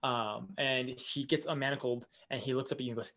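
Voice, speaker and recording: A man's voice: medium pitch, steady tone, brisk, a bit bright. A man narrating a tabletop game as game master, describing scenes casually with many fillers.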